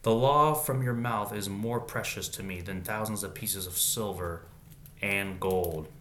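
A man's voice: fairly low pitch, a little slow, a bit bright, a little hiss or hum. A man reading Bible verses aloud in a casual way, breaking off now and then with slangy comments of his own.

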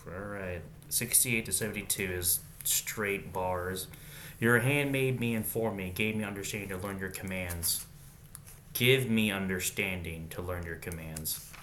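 A man's voice: low voice, measured pace, background noise. A man reading Bible verses aloud in a casual way, breaking off now and then with slangy comments of his own.

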